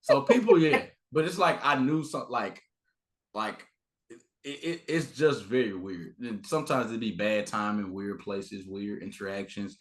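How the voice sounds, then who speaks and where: A man's voice: fairly low pitch, unhurried. A young adult man, a guest on a podcast, chatting casually and acting out the people in his stories. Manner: animated storyteller, acts out quotes. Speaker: guest content creator. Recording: roomy echo.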